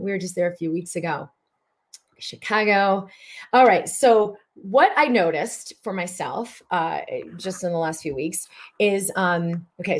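With a lowish voice, a middle-aged woman hosts a live broadcast of spiritual coaching. Her talk is animated and punctuated by breathy exclamations.

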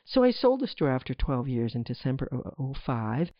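A middle-aged woman from New Jersey hosting a podcast, telling her story in a chatty, animated way with playful asides to the listener. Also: very deep voice, normal speed, dry recording. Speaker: podcast host. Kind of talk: casual solo storytelling. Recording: dry, slightly dull lo-fi sound.

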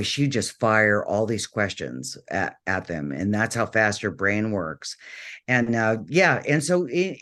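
A man's voice: on the low side, a bit bright. A middle-aged man telling stories as an interview guest, rambling with many fillers and restarts over a video call. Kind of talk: casual interview storytelling.

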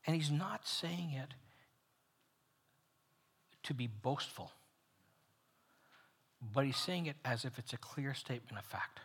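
A man leading a men's Bible study, teaching in an animated way, loud on emphatic points and dropping almost to a whisper on others. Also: medium pitch, slow, pauses often, breathy edge.

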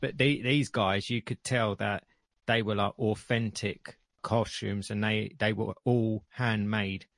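A man, chatting in a relaxed way on a podcast, often saying "like". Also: fairly low pitch, takes it slowly, no echo, studio quality. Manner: relaxed, chatty, uses "like" a lot. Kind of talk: casual chat.

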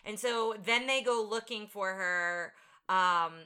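Bright-voiced woman recapping a movie. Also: medium pitch, slow pace, clean tone. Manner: retells scenes step by step, chatty and engaged. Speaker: podcast co-host. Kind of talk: casual movie recap chat.

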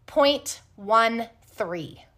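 Bright-voiced woman telling a story. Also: fairly high pitch, drawn-out words. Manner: animated, blunt, swears freely. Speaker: podcast host. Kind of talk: casual storytelling.

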